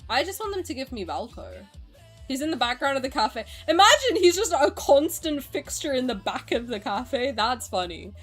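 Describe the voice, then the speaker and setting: Chatty, excitable woman streamer. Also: sits high, moderate pace, slightly rough, soft background music. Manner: chatty and excitable, swears freely, laughs often. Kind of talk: casual live-stream chat, reacting to viewer comments.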